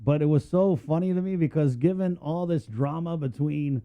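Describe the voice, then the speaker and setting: A man's voice: on the high side, normal speed, dark tone. A man co-hosting a morning radio show, chatting and joking in a loose, rambling way. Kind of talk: casual morning show banter.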